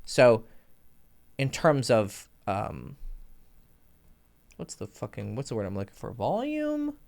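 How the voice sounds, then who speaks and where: Young male dating coach, casual and profane, voice swings widely in pitch, throws in sound effects. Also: slow, creaky. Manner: animated, swears freely, vocal sound effects. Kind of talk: casual advice monologue.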